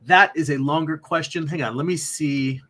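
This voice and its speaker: Speaking a little high at a moderate pace, a man hangs out on his art livestream. He keeps it loose and rambling, laughing frequently as he reads chat messages aloud and replies.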